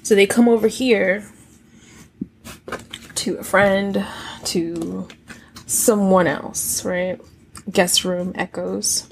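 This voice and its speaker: A woman's voice: mid-range voice, steady tone, extremely slow, vocal fry, pauses often, darkish tone, slight background noise. A woman giving a casual tarot reading, musing aloud with rhetorical questions and reciting song lyrics. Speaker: tarot reader.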